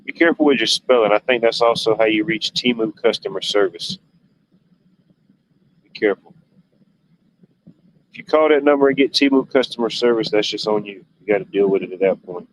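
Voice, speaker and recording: A man's voice: on the low side, fairly quick, long pauses. A man hosting a livestream, rambling through stories in a laid-back, casual way with loose, drawling turns of phrase. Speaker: livestream host. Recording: dull lo-fi stream audio, faint noise.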